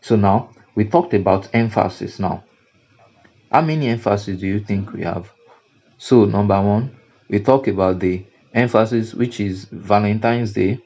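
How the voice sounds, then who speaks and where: A man with a Nigerian English accent walks through a design tutorial at an unhurried pace, circling back over his words to stress each point. His voice sits low and mellow, and the recording has a dull, lo-fi sound. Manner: repetitive, emphatic teaching with fillers and restarts. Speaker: graphic design instructor. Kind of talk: screen-recorded software tutorial.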